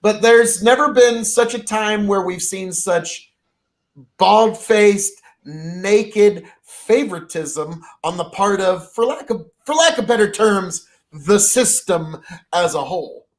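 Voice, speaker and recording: A man co-hosting a casual podcast, joking sarcastically and often stumbling over his words. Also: sits high. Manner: sarcastic, joking, halting restarts. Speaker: podcast co-host. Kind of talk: casual political podcast chat.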